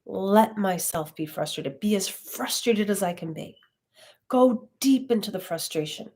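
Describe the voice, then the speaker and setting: A woman's voice: mid-range voice, animated, a little slow, a little mellow. A woman leading an online class, talking in a reflective, conversational way with frequent fillers. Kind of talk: casual live-stream teaching.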